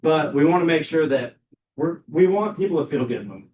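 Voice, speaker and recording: Loud, emphatic male sales trainer. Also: fairly high pitch, moderate pace, a little hiss or hum. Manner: loud, energetic, emphatic delivery. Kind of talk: live sales training talk. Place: training room with an audience. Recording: echoey room, mic far off.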